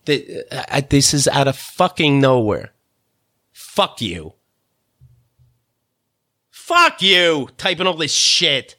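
A man hosting a podcast, delivering an exasperated, profanity-filled comedic rant that swings between mutters and shouts. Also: on the high side, expressive, a little slow, hardly any pauses. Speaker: podcast host.

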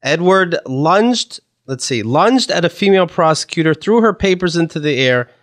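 A man's voice: fairly high pitch, animated, normal speed. A middle-aged man hosting a casual comedy podcast, reading strange news stories in a dry, wry way. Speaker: podcast host.

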